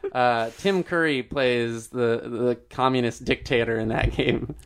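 Male co-host, casual, swears freely, jokey riffing, mid pitch. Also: smooth. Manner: profane, joking, does quick voice impressions. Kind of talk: casual chat.

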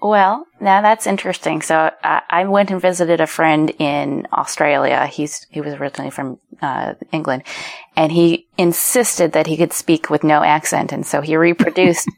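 Low gravelly woman guest on a podcast. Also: fairly even intonation, moderate pace. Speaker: podcast guest, speech technology. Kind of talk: casual podcast chat.

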